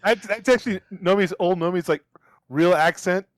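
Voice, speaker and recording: A man's voice: high-pitched, normal speed, no echo, clean studio sound. A man playing a tabletop game, laughing and cracking jokes at the table. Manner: laughing, wisecracking. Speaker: player. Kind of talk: casual tabletop banter.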